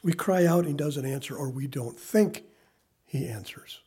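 A man in his thirties preaching a sermon, swinging from loud emphasis to quiet, hushed asides. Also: a little high, moderate pace, husky. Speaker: pastor.

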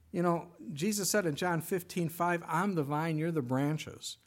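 A male pastor preaches earnestly and with emphasis. He uses rhetorical questions to draw in his listeners. His voice sits a little higher than most men's. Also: measured pace, few pauses. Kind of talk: sermon.

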